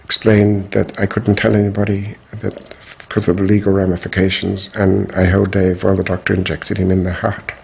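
A husky, low-pitched older man telling his own story in an interview. He speaks in a measured and frank way, with firm opinions. His voice has a breathy grain throughout. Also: completely flat delivery. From Australia. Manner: measured, frank, strong views. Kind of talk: reflective personal storytelling.

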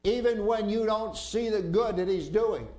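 High-voiced preacher in an echoey church. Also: male voice, normal speed. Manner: animated storyteller who acts out panicked voices. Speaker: pastor. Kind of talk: sermon. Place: church sanctuary. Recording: roomy church echo.

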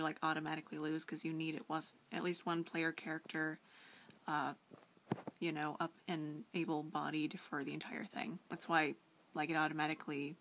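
A woman's voice: deep voice, a bit bright, slight background noise. A young woman vlogging a casual reply to a friend, rambling with lots of fillers and restarts, often giggling.

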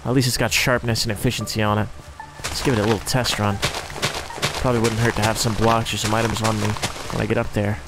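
A man's voice: on the low side, flat delivery, fast, very noisy. A young man narrating his own game role-play in a sarcastic, self-mocking running commentary. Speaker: role-play gaming creator.

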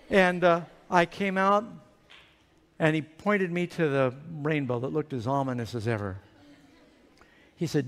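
A man telling an animated, playful story sermon to children in a large church hall. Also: mid-range voice, normal speed, long pauses. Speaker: preacher. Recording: reverberant hall.

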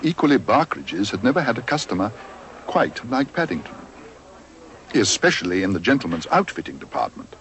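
A man narrating a cartoon storybook in a gentle, expressive way. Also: mid-range voice, brisk, a little hiss or hum.

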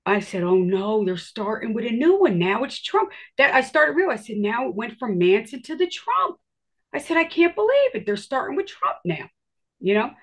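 A woman's voice: fairly high pitch, sing-song, moderate pace. A woman recounts her own story in an easy, conversational way. She acts out her reactions as she goes and swears without thinking about it. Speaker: interviewee telling her story. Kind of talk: casual storytelling.

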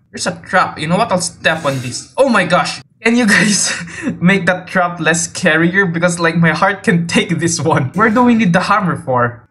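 A man giving jumpy, excitable gameplay commentary, teasing other players and often yelping and laughing. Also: high voice, slight background noise. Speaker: video game player. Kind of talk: let's play gameplay commentary.

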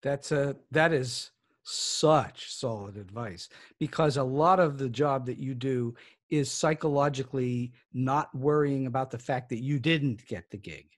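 A man's voice: medium pitch, a little slow. A man hosting a podcast interview, laughing along and asking questions in an appreciative, encouraging way. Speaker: podcast host. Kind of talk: casual interview.

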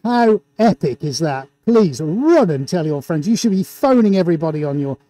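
A man's voice: fairly high pitch, animated, moderate pace. Hyped man hosting an art livestream. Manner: hyped, showman-like, reading out viewer shout-outs. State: talking through a face mask. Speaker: livestream host and painter. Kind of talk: excited live-stream commentary. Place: indoor art studio.

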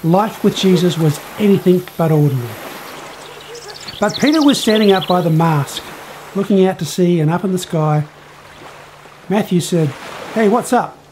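A man telling a Bible story to children in an expressive, storytelling way. His voice sits fairly high for a man. Faint noise hums behind him. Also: moderate pace, long pauses.

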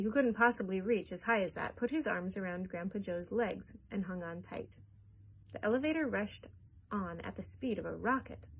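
A woman librarian reads a chapter book aloud for children at story time. Her delivery is gentle and expressive, and her voice is breathy, sitting at an ordinary middle pitch. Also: low-quality recording.

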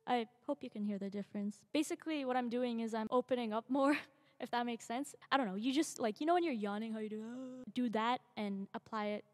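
A woman's voice: on the high side, quick pace, a little mellow. A young woman casually commenting on her own old singing clips, rambling and self-deprecating, swearing now and then, into her own microphone at home.

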